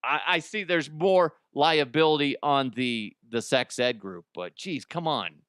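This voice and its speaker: A man's voice: on the high side, unhurried, fairly bright tone, smooth, dry recording, studio quality. A man from the United States hosting a comedy news show, rambling and swearing casually and laughing at his own jokes.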